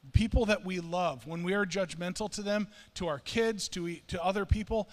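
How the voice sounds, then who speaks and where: A man's voice: sits high, fairly bright tone. A middle-aged man preaching a sermon in a church, in an earnest, conversational and self-deprecating way. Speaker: pastor. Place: church sanctuary. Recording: long hall reverb.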